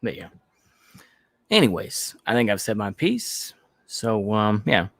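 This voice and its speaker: A man's voice: fairly low pitch, very animated, slow, vocal fry, a bit bright, dry recording. A man from the United States hosting a livestream in casual chat, rambling, repeating himself and trailing off into fillers. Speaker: livestream host.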